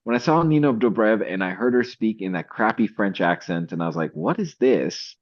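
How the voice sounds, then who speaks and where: A man's voice: on the low side, a little fast, muffled recording. A man co-hosting a casual movie review chat, talking emphatically with indignant rhetorical questions.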